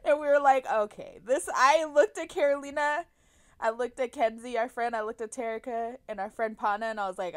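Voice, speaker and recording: A young woman co-hosting a podcast, telling a concert story in casual chat, excitable and swearing, shrieking when she quotes. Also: on the high side, fairly quick, clean tone, dry recording, clean studio sound. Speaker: podcast co-host.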